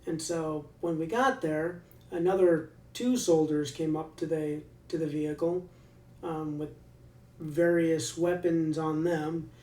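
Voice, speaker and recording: A man, an army veteran, telling a story in a relaxed, casual way with frequent fillers. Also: fairly high pitch, takes it slowly, reverberant, distant mic. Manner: relaxed, many fillers and restarts.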